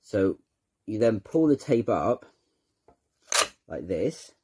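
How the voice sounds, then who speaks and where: A man's voice: lowish voice, sing-song, takes it slowly, background noise. A man hosting his channel, giving an unscripted how-to demonstration, hesitant and repeating words as he handles the object. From United Kingdom. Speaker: channel host demonstrating a product.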